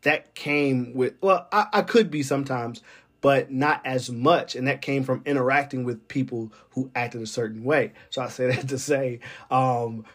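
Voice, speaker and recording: A man's voice: medium pitch, moderate pace, fairly bright tone. A man who works as a military weather forecaster, talking in a loose, rambling monologue full of fillers and uneasy laughs. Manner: rambling, digressive, many fillers. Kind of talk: casual monologue.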